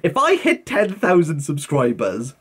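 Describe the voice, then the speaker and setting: A young man, chatting casually to camera as a book vlogger. He answers viewer comments in an animated way, full of fillers and British slang. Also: a little high, unhurried, husky.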